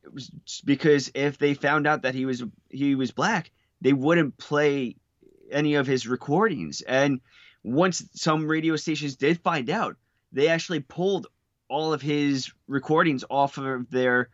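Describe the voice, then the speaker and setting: A man's voice: medium pitch, unhurried, dry recording, lo-fi sound. A man co-hosting a podcast in casual chat, talking hesitantly with many restarts. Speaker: podcast co-host.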